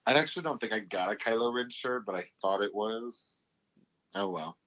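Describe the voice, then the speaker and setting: A man's voice: on the low side, normal speed, fairly bright tone. A man co-hosting a podcast, talking casually in a dry, teasing way. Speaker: podcast co-host. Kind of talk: casual chat. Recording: dull lo-fi sound.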